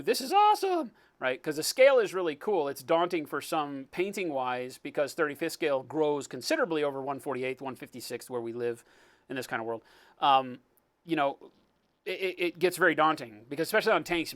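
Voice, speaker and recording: A man's voice: a little high, a bit bright. A man hosting a live painting stream, chatting casually, joking and greeting viewers by name. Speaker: livestream host, miniature painter.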